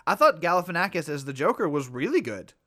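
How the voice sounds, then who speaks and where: A man's voice: a little high, big pitch swings, fast talker, pushed and bright. A man co-hosting a podcast, chatting casually, agreeing and laughing often. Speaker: podcast co-host. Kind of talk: casual chat.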